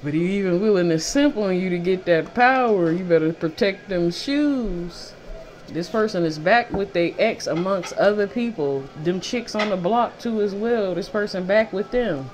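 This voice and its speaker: A woman's voice: medium pitch, expressive, normal speed, darkish tone, slight background noise. Fired-up, profane tarot reader woman. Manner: repeats phrases for emphasis. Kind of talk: casual tarot reading monologue.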